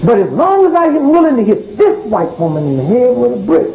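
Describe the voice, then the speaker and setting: A man's voice: very high-pitched, wildly swooping pitch, brisk, gravelly, dark tone, rough recording. A man giving live social commentary to an audience in a room, talking in a preacherly call-and-response way and often asking "right?" to keep the crowd with him. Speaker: speaker addressing a live audience.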